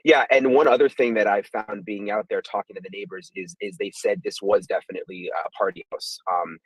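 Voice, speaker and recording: A man working as a reporter, relaying what neighbors told him in a quick, informal way. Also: on the low side, steady tone, husky, no echo, rough recording. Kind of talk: interview on a news stream.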